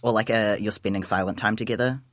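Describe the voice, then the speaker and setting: A young adult man, co-hosting a casual radio chat, talkative and quick to question the quiz answers. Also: on the low side, steady tone, no echo, studio quality. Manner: chatty, questions and talks over quiz answers. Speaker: radio co-host. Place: radio studio.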